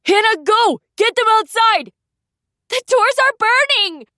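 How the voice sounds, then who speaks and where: A woman voicing a panicked young woman shouting orders during a fire, in a high, strained voice. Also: lively intonation, slow, no room sound, clean studio sound, full character voice. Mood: frantic.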